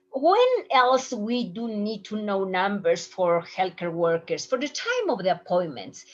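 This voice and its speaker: A woman teaching a medical Spanish lesson from slides, going over each phrase slowly and saying it in both languages. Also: mid-range voice. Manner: slow, explains and repeats phrases in both languages. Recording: muffled lo-fi recording.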